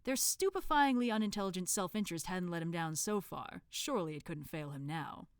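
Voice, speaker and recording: A woman's voice: lowish voice, brisk, clear, resonant tone, no echo. Woman reading a novel aloud, dry sound. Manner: amused, relaxed reading.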